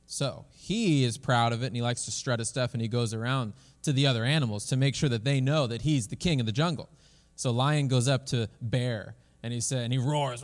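A male pastor preaching a sermon in a church in a casual, conversational way, often restarting his phrases. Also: mid-range voice. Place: church sanctuary. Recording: long hall reverb.

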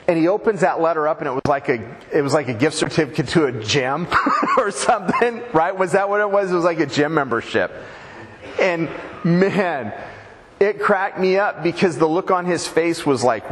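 Conversational preacher in a reverberant hall. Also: male voice, a little high, expressive, moderate pace, a little hiss or hum. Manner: conversational preaching with humorous asides. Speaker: pastor. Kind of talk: sermon.

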